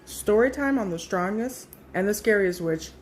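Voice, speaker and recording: Woman in her thirties, casual storytime monologue, lively pitch, cursing, faint hiss behind. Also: normal speed. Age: 30s. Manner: chatty, emphatic, swears freely, animated quoting.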